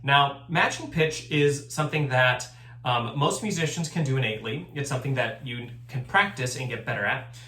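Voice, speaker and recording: In a roomy-sounding recording, a man with a mid-range, sharp-toned voice leads a choir lesson at a normal pace. He explains patiently, step by step, and sings examples.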